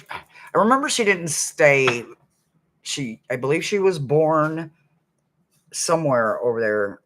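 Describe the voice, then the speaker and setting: Man, livestream host, rambles and hums, mid-pitched voice. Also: a bit bright. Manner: chatty, rambling, hums and sings snippets. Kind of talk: casual livestream chat.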